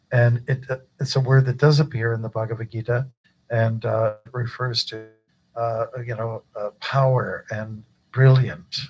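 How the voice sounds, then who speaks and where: A man's voice: medium pitch, poor audio. An older man, a guru, giving an informal initiation talk at a temple gathering, chatty and joking with many fillers.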